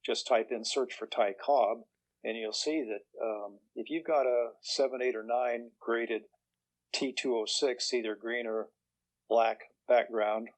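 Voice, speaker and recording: A man's voice: medium pitch, steady tone, measured pace, poor audio. Older man telling stories. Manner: chatty, acts out quoted voices, chuckles through punchlines. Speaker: guest author. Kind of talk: relaxed anecdotal storytelling.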